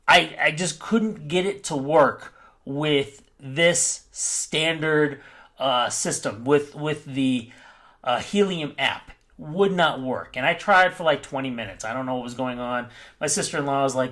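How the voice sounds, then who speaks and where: A crypto mining YouTuber speaks to his viewers in a medium-pitched, slightly bright voice at a somewhat slow pace. His vlog talk is casual and off-the-cuff, rambling along as he keeps correcting himself.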